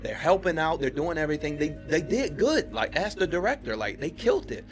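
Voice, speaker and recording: A man from Pittsburgh, a podcast guest, telling a story in casual chat and acting out the quotes with his voice jumping up high. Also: fairly quick, soft background music. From Pittsburgh, USA. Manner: animated retelling, acts out quotes with rising pitch.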